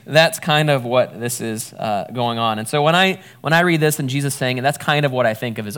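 A man in his thirties preaches in a loose, conversational way. He jokes at his own stumbles and keeps the tone plain. His voice sits at an ordinary middle pitch. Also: lively intonation, a little fast, few pauses, fairly bright tone, clean tone. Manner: casual, self-deprecating, stumbling over words. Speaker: pastor. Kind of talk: conversational sermon.

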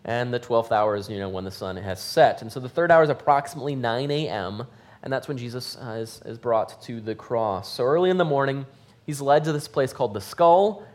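A man's voice: mid-range voice, expressive, brisk. Man teaching scripture conversationally. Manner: asks listeners questions, thinks aloud with fillers. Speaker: Bible teacher.

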